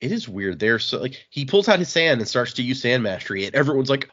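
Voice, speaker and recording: A man hosting a podcast, recapping a comic in a relaxed, rambling chat full of fillers. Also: mid-range voice, quick pace, hardly any pauses. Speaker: podcast host. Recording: dull lo-fi sound.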